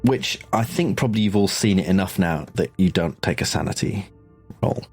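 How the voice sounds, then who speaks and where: A man running a tabletop horror game as game master, telling the scene in a measured, descriptive way. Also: deep voice, animated, darkish tone, breathy edge, faint music behind.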